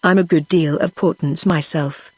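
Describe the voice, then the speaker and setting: A woman's voice: low-pitched, steady tone, moderate pace, husky, no echo, studio quality. A synthetic woman's voice reading the lines of a plucky, outspoken young girl in a storybook, with barely any change from the narration.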